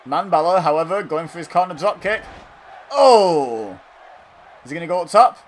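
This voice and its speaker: A man giving casual play-by-play commentary over a wrestling video game, bursting into loud exclamations and then dropping into dry asides. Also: fairly high pitch, quick pace, a little hiss or hum.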